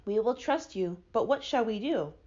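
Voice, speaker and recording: A woman voicing a tiny, proud female queen of the field mice with a squeaky little voice and an indignant, regal manner, in a storybook reading. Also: animated, normal speed, darkish tone, lo-fi sound. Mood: agreeable.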